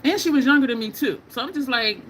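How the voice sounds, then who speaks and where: Middle-aged woman gabbing w/ her live chat while doing makeup, kinda high voice that bounces all over, faint hiss behind. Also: fast talker, poor audio. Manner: chatty, animated storyteller with asides to viewers. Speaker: beauty video host.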